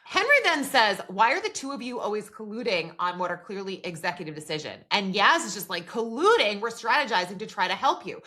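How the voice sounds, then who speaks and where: A woman's voice: medium pitch, expressive, a little fast, hardly any pauses, bright, forceful tone. A woman co-hosting a podcast in casual chat, retelling scenes and reading out dialogue, with lots of "like" fillers. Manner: frequent "like" fillers. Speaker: podcast co-host.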